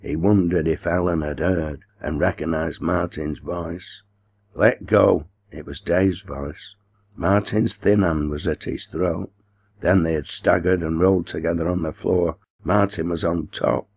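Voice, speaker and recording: A man reading a classic novel aloud as an audiobook narrator, in a measured, expressive manner. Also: low voice, husky.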